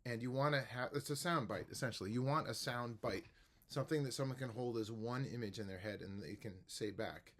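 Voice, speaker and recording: A man who teaches music, explaining a method to the camera in a relaxed, rambling way with many fillers and restarts. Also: medium pitch, brisk. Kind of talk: casual instructional talk to camera.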